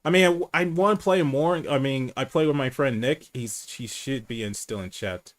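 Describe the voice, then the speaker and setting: A man hosting a casual livestream chat, candid and profane, who says he speaks low and rambles with restarts. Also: moderate pace.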